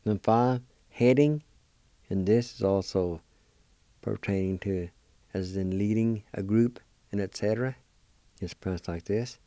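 Man teaching words syllable by syllable, real slow, mellow dark voice, dry sound. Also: on the low side, no echo. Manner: deliberate, repeats each syllable carefully. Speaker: language teacher and program host. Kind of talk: slow spelled-out language lesson.

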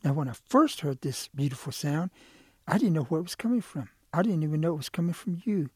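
A man voicing a sly, smooth-talking male quail who coaxes and wheedles in a folk tale. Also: a little high, animated, fairly quick, no room sound, studio quality. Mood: coaxing. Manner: coaxing, wheedling. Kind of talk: oral folk storytelling.

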